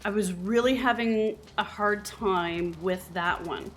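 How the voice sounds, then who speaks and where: Canadian woman game streamer, unhurried and chatty, medium pitch, laughs a lot. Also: a bit bright, a little hiss or hum. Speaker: live streamer. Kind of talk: casual chat while streaming a game.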